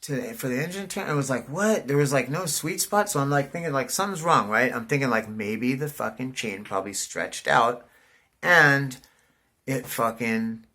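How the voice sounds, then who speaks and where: A middle-aged man telling a rambling, profane story, saying "dude" constantly and jumping up loud when excited. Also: medium pitch, moderate pace. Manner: animated, voice jumps up in excitement. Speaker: vlogger. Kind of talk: casual storytelling monologue.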